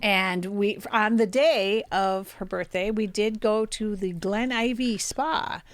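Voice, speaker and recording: A woman's voice: mid-range voice, slow, no echo. Young woman cohosting a chatty podcast, rambly, dry close sound. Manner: chatty, rambling with fillers and restarts. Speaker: podcast co-host. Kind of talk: casual chat.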